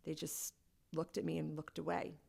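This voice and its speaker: A woman guest talks through a personal story in a podcast conversation. Her voice sits somewhat low, with a gravelly, creaky fry. She speaks candidly and casually, with plenty of "like.". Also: completely flat delivery, normal speed, warm tone. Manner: candid and conversational, heavy use of "like".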